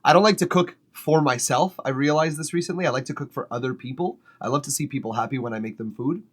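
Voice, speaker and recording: This host of a music feedback livestream has a mid-range, breathy voice and talks quickly from his home studio. Relaxed and chatty, he eats during the stream, swears casually and laughs a lot.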